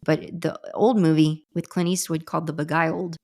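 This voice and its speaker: A woman with a low voice hosts a podcast in a loose, casual way. She rambles, restarts her sentences and laughs along the way. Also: level tone, a little fast, darkish tone. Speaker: podcast host. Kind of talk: casual chat.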